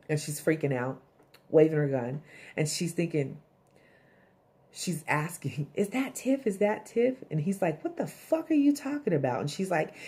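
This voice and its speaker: A woman with a low, mellow voice walks through a TV episode in casual recap mode. She talks bluntly, swears freely and slips into the characters' lines as she goes. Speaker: TV episode reviewer.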